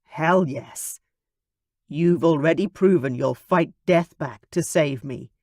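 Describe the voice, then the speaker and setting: A man's voice: a little high, slow pace, darkish tone, dry recording, studio quality. A man voicing a confident young man in love in an audiobook, earnest and tender.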